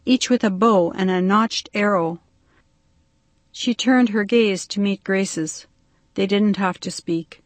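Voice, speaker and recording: A woman reading a fantasy story aloud for an audiobook, in an even, steady storytelling manner. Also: medium pitch, no room sound. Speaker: audiobook reader. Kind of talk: scripted narration.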